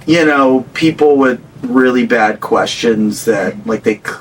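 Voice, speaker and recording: A man's voice: medium pitch, measured pace. A man, a rock frontman guest, telling stories casually and acting out the voices he quotes, often laughing. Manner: animated storyteller who acts out quoted voices, laughs often. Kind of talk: casual storytelling in an interview. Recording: distant mic with faint noise.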